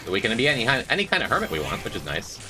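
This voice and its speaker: A young man streams a game, chatting and joking with his viewers and reading and replying to chat as he plays. His mid-range voice swoops wildly in pitch, and he talks at a racing pace.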